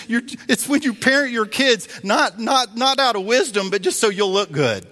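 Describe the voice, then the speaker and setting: A man preaching a sermon as a pastor, telling a story in an animated way and acting out the voices he quotes. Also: extremely high pitch, moderate pace, hardly any pauses. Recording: long reverb of a large hall.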